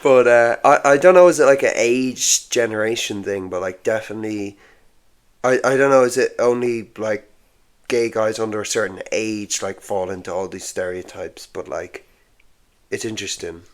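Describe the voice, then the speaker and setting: A man's voice: on the low side, moderate pace. A man, a comedian guest in casual chat who hesitates, trails off and laughs a lot.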